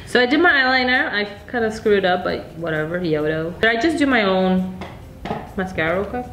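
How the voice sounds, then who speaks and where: Young female beauty vlogger, playful banter, animated pitch, faint background hiss. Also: echoey room. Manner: giggly, playful, quick banter. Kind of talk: casual chat.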